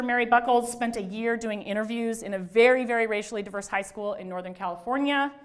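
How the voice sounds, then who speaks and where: A woman's voice: mid-range voice, a bit bright. A middle-aged woman, a religious studies scholar, giving a conversational lecture to an audience, with self-deprecating asides and restarts. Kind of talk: lecture talk to a live audience.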